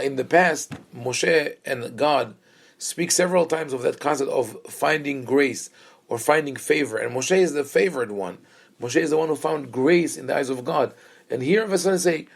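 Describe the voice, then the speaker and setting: A man gives a relaxed Bible class as a rabbi, his voice gravelly at a middling pitch. He thinks aloud, pausing often on fillers, and drops wry asides to the small group in front of him. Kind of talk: conversational Bible class lecture.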